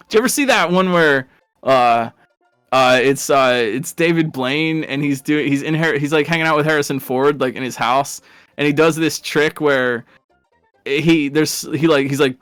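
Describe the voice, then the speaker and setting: A rambling, talkative man commentates a live video game race in a relaxed stream style. His voice sits a little high, and he chuckles at his own tangents. The sound is dry and close, with faint music underneath. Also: normal speed, clean tone, no echo. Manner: rambling and chatty, laughs at his own stories.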